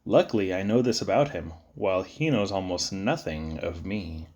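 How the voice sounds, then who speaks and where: A man giving a playful, sing-song reading of children's poems, with sudden high squeaks and low drops. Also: normal speed, darkish tone. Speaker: poetry reader.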